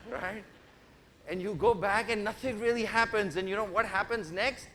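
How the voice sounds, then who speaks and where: Speaking at normal speed, a man with a high-sitting, slightly bright voice gives an interactive keynote, joking with listeners and telling them what to do. He's on a stage microphone in a large conference hall, recorded with echo and faint noise.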